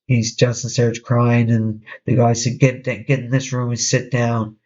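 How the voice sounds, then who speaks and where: A man hosting a podcast, casually telling a story in a halting way, with frequent restarts. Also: mid-range voice, level tone, a little mellow, lo-fi sound. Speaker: podcast host.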